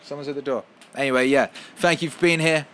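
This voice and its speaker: A man hosting a casual podcast at home, ranting with heavy swearing and loud heated outbursts. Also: on the high side, fairly even intonation, quick pace, slight background noise. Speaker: podcast host.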